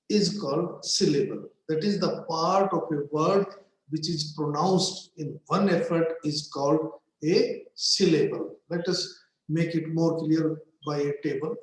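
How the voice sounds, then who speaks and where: A man giving a slow, deliberate lecture on English literature, repeating words to stress their syllables. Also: fairly high pitch. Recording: very echoey room.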